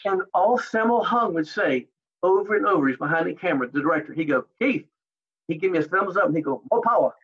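A man, a martial artist and actor, telling animated anecdotes in an interview and acting out other people's lines. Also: sits high, fast talker, husky, muffled recording. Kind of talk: storytelling interview.

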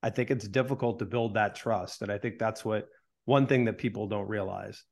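A man co-hosting a sports talk show, laying out his reasoning in a measured, deliberate way. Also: fairly low pitch, gravelly, darkish tone. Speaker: sports broadcaster and podcast co-host.

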